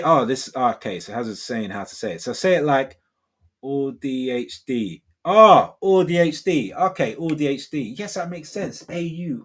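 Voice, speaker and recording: A man in his forties hosting a livestream, chatting casually and reading viewer comments in a rambling, laid-back way, saying "man" and "bro" often. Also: fairly high pitch. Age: 40s. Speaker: livestream host.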